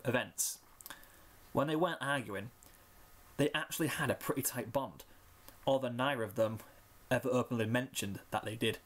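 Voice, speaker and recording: A man narrating a fan fiction story in a calm, even reading voice, with small slips. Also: mid-range voice.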